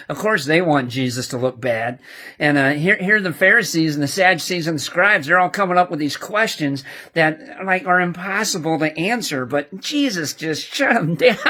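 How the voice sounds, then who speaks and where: A man playing an excitable young male disciple in a church skit, leaving a rambling, animated voicemail and chuckling as he talks. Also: high-pitched. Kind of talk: amateur church skit monologue.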